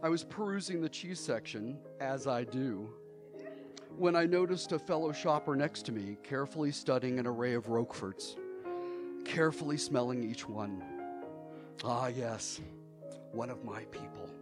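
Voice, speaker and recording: A middle-aged man telling a personal story from his childhood on stage, theatrical and animated, often laughing as he speaks. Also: medium pitch, normal speed, loud music behind the voice.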